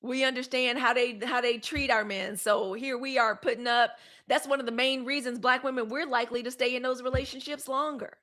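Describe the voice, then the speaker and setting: Woman host, fiery emphatic livestream commentary, bright and somewhat high. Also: fairly even intonation, fairly quick, few pauses. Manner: fiery and emphatic, with repeated phrases and AAVE slang. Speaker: host of a live news commentary show.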